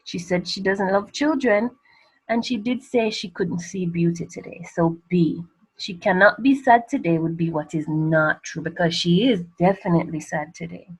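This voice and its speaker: A woman teacher explains exam answers in a patient, conversational way. Her voice sits low and has a breathy, husky edge. She keeps posing rhetorical questions and then answering them herself. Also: normal speed, poor audio. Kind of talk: exam revision lesson.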